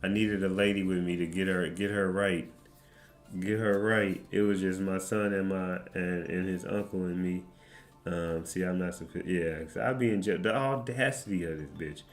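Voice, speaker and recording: A low-voiced man rambles through a profane, laughing story on his stream. His room is echoey and faint music runs underneath. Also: fairly even intonation, normal speed. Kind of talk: casual storytelling.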